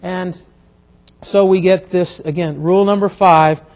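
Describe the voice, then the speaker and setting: Halting, patient male grammar teacher. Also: sits high, steady tone, darkish tone. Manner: halting, many fillers and restarts, patient explaining. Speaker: Hebrew instructor. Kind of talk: classroom lecture on grammar.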